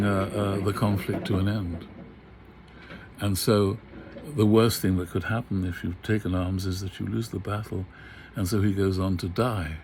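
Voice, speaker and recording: An older man with a deep, low voice lectures through a computer mic in an online class. He muses slowly, with many fillers, and lifts into dramatic recitation of verse. A faint hum sits under the voice. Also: darkish tone. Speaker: literature lecturer.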